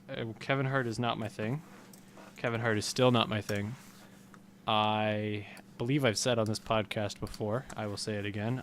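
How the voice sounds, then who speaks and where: A man's voice: lowish voice, slight background noise. Rambling man on a casual podcast. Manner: rambling, animated when retelling jokes. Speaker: podcast co-host. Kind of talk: casual chat.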